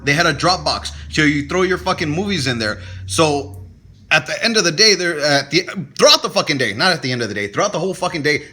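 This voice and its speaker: A man's voice: on the high side, slightly rough. A man co-hosting a podcast, telling stories in casual, profane, laughing chat. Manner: profane, laughing, animated storyteller. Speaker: podcast co-host.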